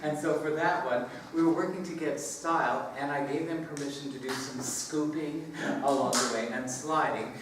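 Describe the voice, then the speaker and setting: A man's voice: a little high, normal speed, noisy background. A man leading a choral workshop, explaining vowel shaping and gestures, singing short phrases to demonstrate and laughing often as he goes. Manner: demonstrates by singing phrases, leads group echo singing. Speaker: choral clinician. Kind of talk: music workshop teaching. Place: large reverberant hall. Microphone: distant room mic. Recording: echoey hall recorded from far off.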